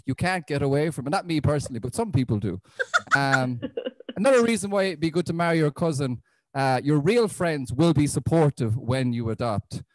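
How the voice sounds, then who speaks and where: A man's voice: on the high side, moderate pace, no echo, low-quality recording. Irish man doing stand-up. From Ireland. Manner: deadpan, self-deprecating, swears often. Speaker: stand-up comedian. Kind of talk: stand-up comedy set. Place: comedy club stage.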